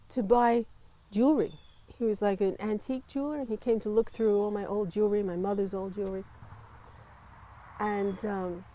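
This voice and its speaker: A woman, a Buddhist nun telling her life story in an interview, lively and laughing often. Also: mid-range voice, low-quality recording. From United States. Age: 50s. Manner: animated storytelling, laughs often, mimics voices in quotes. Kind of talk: personal storytelling.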